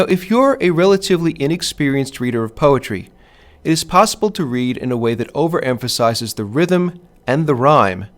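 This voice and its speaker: A man narrating a scripted poetry lesson as a teacher, in a measured way, stressing the rhythm when he reads verse aloud. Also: medium pitch.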